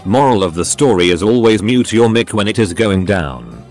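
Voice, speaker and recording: Male narrator, lowish voice, lively pitch, steady read-aloud, soft music underneath. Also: normal speed. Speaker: narrator reading online posts. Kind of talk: scripted narration.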